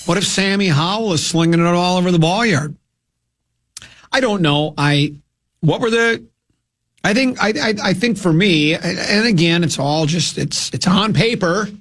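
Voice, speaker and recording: A man hosting sports talk radio, rambling and opinionated, with frequent halting restarts. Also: sits high, fairly bright tone.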